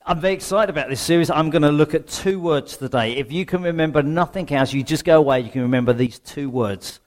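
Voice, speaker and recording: A man's voice: on the high side, fast. A middle-aged man preaching a sermon in a conversational way, often asking the congregation questions.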